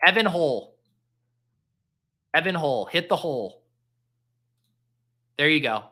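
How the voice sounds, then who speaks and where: A man's voice: a little high, animated, slow pace, sharp tone. A man hosting a casual fantasy football draft live stream, rambling and joking at his own expense while he reads the chat. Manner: rambling, jokey, self-deprecating.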